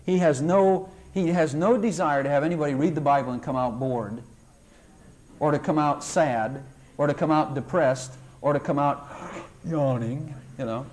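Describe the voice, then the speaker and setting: An older man preaching a sermon to a congregation, animated and emphatic, rising into high tones as he acts out prayers. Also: normal speed.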